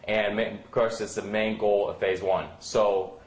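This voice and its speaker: A man's voice: on the low side, little pitch movement, measured pace. Man, fitness coach, casual chat, lots of fillers, roomy echo. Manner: rambling, many fillers, acts out quoted friends. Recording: echoey room.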